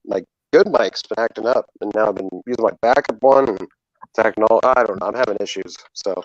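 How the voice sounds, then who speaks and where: A man calling in from his phone while out, talking about puppets in an unhurried way with plenty of fillers. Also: fairly low pitch, no echo. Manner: unhurried, explains things with fillers. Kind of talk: casual chat. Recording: dull, robotic phone mic.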